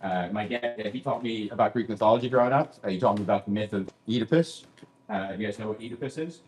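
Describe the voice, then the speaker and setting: A man's voice: lowish voice, quick pace, a little mellow, echoey room. A man doing a stand-up set in a comedy club, self-deprecating and rambling into asides, with a Canadian accent.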